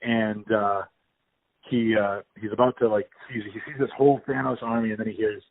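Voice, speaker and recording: A man's voice: on the low side, fairly even intonation, moderate pace, no room sound. A man hosting a podcast, chatting casually and enthusiastically over the phone, rambling with restarts. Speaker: podcast host. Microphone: phone call. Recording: tinny phone line.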